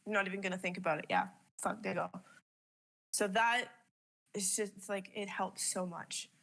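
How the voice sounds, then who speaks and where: A woman's voice: medium pitch, fairly even intonation, normal speed, creaky, a bit bright. A young woman from Canada chatting casually about her business, candid, swearing freely and laughing often. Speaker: business owner sharing advice. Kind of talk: casual chat.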